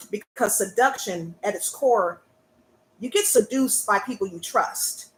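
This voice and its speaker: Lady coach, sassy, keeps calling out to the crowd, kinda high bright voice in an echoey room. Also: measured pace. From American South. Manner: sassy and animated, calls out to listeners. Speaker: burlesque performer and self-love coach. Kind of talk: live-stream talk to an audience.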